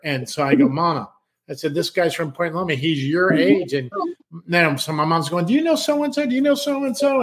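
A man's voice: a little high, fairly bright tone. A middle-aged man from San Diego telling a long personal story in casual chat, acting out other people's lines and swearing casually. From San Diego, California.

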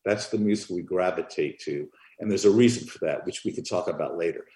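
A man, an author and music therapist, telling an animated story on a podcast and acting out the dialogue. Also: low voice, brisk, roomy sound.

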